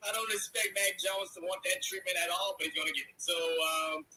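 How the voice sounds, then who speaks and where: Man, high voice, very bright, blunt joking sports chat. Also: steady tone, fairly quick, poor audio. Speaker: sports show co-host. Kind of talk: casual sports prediction chat.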